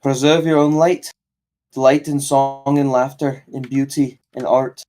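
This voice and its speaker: A man's voice: medium pitch, level tone, unhurried, warm tone, lightly acted. A man playing an earnest adventurer. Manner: earnest, repeating vows. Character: determined adventurer sworn in as paladin.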